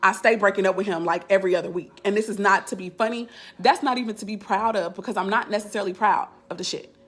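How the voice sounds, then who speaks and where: A woman's voice: medium pitch, fairly even intonation, fast. A woman life coach chatting casually on a live stream, candid and blunt in loose, slangy talk.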